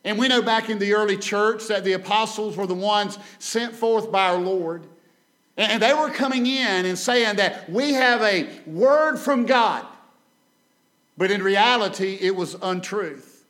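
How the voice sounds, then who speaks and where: A male guest preacher, giving a Sunday sermon in a church, swinging between loud and soft and repeating phrases for emphasis. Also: sits high, a little slow. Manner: dramatic rises and drops in volume, repeats phrases, calls for amen. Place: church sanctuary.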